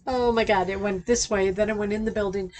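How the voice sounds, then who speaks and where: A woman's voice: medium pitch, fairly even intonation, fairly quick, a little mellow, a little hiss or hum. A woman co-host with a mid-range voice chimes in during casual chat. She is dry and matter-of-fact, and she keeps pulling the story back on track. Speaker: podcast co-host.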